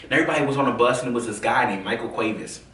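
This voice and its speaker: A man from the American South telling his own story in a casual, animated way, full of fillers and acted-out quotes. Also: medium pitch, racing. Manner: animated, acts out quoted voices, many fillers. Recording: roomy, from a distance.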